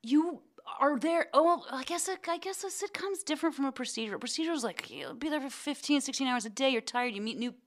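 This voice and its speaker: A middle-aged woman telling stories as a guest in a casual interview, acting out quotes in an animated voice. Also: quick pace, few pauses. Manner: animated, acts out quotes in a high excited voice. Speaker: guest actor.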